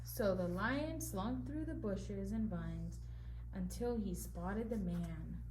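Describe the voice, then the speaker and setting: A woman's voice: mid-range voice, slow, darkish tone, slight background noise. A woman reading a picture book aloud to preschool children as their teacher, stopping to ask them questions about the story.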